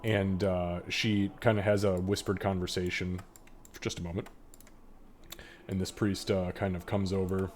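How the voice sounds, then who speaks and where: A man narrating a tabletop game as game master, relaxed and full of fillers. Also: low voice, normal speed, a little hiss or hum.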